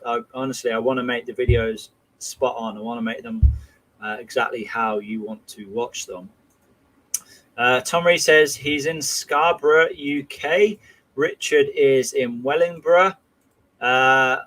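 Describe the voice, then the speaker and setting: A man's voice: mid-range voice, fairly bright tone, poor audio. A man hosting a casual livestream, reading viewer comments in a chatty, friendly way with many fillers. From England. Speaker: livestream host.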